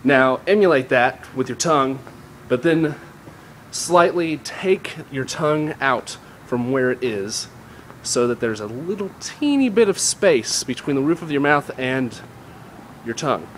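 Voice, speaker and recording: A man's voice: mid-range voice, animated, unhurried, slight background noise. A man giving an improvised, rambling spoken tutorial while walking down a street, talking into a handheld device. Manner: casual, rambling and self-correcting. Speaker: voice impression tutor.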